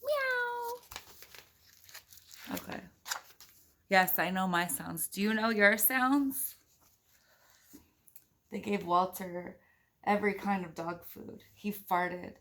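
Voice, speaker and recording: A playful woman reads a picture book aloud, stopping for chatty asides, giggles and animal noises. Her voice sits in a middle register with a gravelly, creaky texture. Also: medium pitch, slow, pauses often, a bit bright. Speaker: parent reading to her children.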